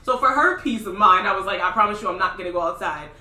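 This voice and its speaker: A woman's voice: mid-range voice, fast talker, pushed and bright. A young woman from Minnesota co-hosting a casual podcast, blunt and impassioned, swearing freely. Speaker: podcast co-host. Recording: echoey room, mic at a distance.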